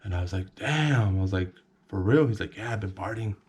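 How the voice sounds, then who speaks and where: A man's voice: sits low, fairly even intonation, fast, warm tone. A man casually telling a personal story to the camera, rambling and repeating words, sometimes acting out other people in a whisper.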